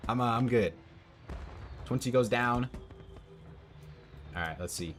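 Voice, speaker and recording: A man's voice: medium pitch, takes it slowly, fairly bright tone, faint music behind. A young man streaming from home into a headset mic, casually commenting on a match and answering chat. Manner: chatty, reads out and answers chat.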